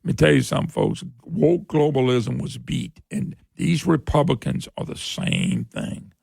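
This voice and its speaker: A man's voice: mid-range voice, huge pitch swings, moderate pace, gravelly, darkish tone, no room sound. A middle-aged man, hosting talk radio in an opinionated political monologue. He talks in a fiery, emphatic way, repeats his points and climbs sharply when worked up.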